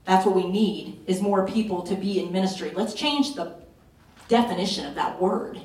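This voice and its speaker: A woman's voice: medium pitch, normal speed, a little mellow. Woman pastor, mid-range voice, urgent and insistent preaching, captured from across an echoey room. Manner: fervent, urgent preaching with emphatic repetition. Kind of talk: sermon at a retreat. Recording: roomy echo, voice from a distance.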